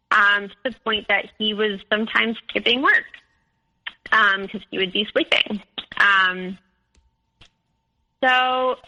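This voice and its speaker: A woman recounts her own story as an interview guest. Her voice is bright and a little tense, with a gravelly fry running through it. She talks hesitantly, circling back with many fillers and restarts. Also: mid-range voice, poor audio.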